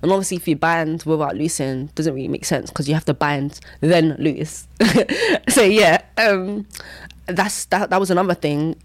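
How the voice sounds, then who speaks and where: A young woman giving a candid personal testimony in casual speech. She repeats herself often and breaks into sudden high exclamations. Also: normal speed, dry recording. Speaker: Christian vlogger sharing testimony.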